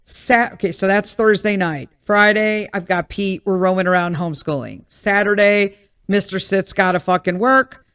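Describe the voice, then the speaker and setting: A woman's voice: mid-range voice, fairly even intonation, normal speed, a bit bright, clear, resonant tone. A woman hosting a podcast, telling a story in a casual, profane and exasperated rant. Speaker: podcast host.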